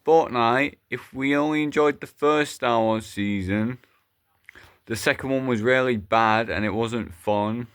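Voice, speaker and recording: A man's voice: mid-range voice, unhurried, fairly bright tone, smooth. A man narrating a plush toy skit in a rambling, chatty way, with some swearing. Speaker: plush video creator.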